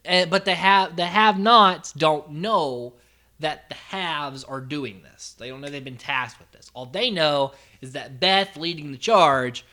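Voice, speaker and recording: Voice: medium pitch, a little slow, pushed and bright. A podcast host recapping a reality show in a rambling, chatty way, full of "like" and casual swearing.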